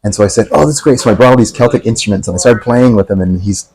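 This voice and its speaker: Fast-talking, low-voiced man explaining music care. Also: steady tone, a little mellow, rough recording. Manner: earnest, explanatory, storytelling. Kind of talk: casual conversational interview. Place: café.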